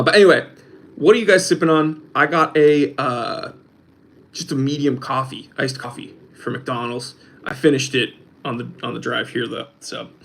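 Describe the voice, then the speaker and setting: A man's voice: medium pitch, a bit bright. A young man hosting a casual livestream, reading out chat and rambling with restarts and fillers. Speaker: host of a watch channel, reading live chat.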